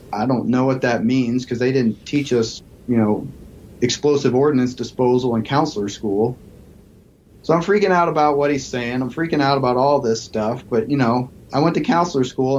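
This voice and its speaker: A man's voice: medium pitch, a little mellow, muffled recording, a little hiss or hum. A man, a police negotiator and psychology professor, telling a story as a podcast guest and acting out the quoted voices.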